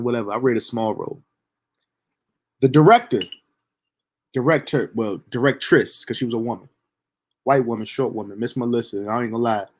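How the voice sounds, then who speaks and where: A young man telling a story from his own life in a casual, animated, profane way. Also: medium pitch. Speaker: storyteller streamer.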